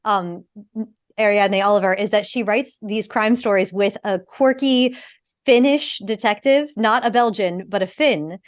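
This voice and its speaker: A woman who is an actor and podcast host, chatting in an animated, opinionated way and swearing freely. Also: medium pitch, unhurried, no echo. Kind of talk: casual podcast chat.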